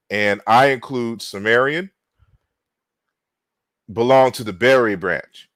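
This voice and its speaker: A man giving an online linguistics lecture, deliberate, spelling out words with frequent fillers and restarts. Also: fairly low pitch, no echo.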